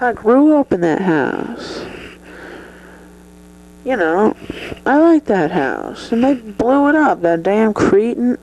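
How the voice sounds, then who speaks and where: A performer playing a foul-mouthed male movie star with a high voice who swears constantly and keeps saying "man". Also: darkish tone, rough recording. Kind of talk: improvised comedy sketch interview.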